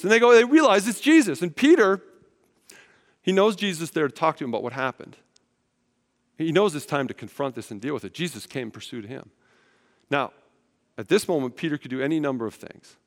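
A man preaching a sermon in a conversational, animated way, acting out the quotes as he retells a story. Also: a little high. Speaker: pastor. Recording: hall reverb.

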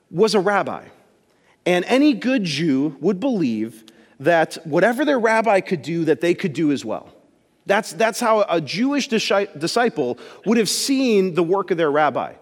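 A man's voice: sits high, long reverb tail. A man preaching a casual sermon in a church, telling the story with jokes and acting out the voices. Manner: animated storytelling, acts out voices, jokes with congregation. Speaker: pastor. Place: church sanctuary.

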